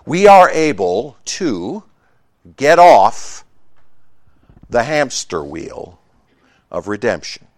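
A man preaching a sermon, emphatic and conversational, swinging between loud exclamations and hushed asides, with humorous remarks to the congregation. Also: medium pitch, sing-song, very slow, pauses often, no echo. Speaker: pastor.

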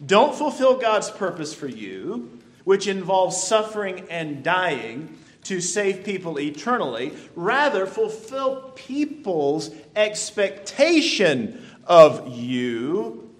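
Man, pastor, sermon, high-pitched voice, slow measured delivery. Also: big pitch swings. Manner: deliberate preaching with emphatic slowed phrases.

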